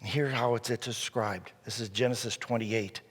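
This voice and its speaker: A male pastor retelling a scripture story in an animated sermon, with frequent restarts. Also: lowish voice, moderate pace, slightly rough. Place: church sanctuary. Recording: reverberant church hall.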